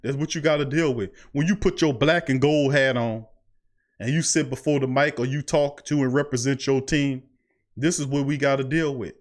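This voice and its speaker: A man's voice: medium pitch, steady tone, moderate pace. Man, sports podcast host, fired-up, preachy, repeats himself, studio mic. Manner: preachy, repeats phrases, heavy Southern US slang.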